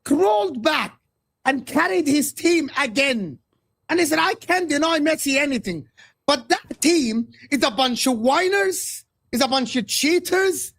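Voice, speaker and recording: A man's voice: very high-pitched, lively intonation, measured pace, vocal fry, a bit bright. A man from Egypt, a guest football pundit, ranting passionately about football on a live stream and repeating his points.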